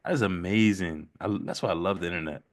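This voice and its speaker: A man's voice: sits low, fast, dry recording, clean studio sound. A man hosting a casual live stream chat while painting, laid-back, laughing often and repeating himself. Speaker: livestream host.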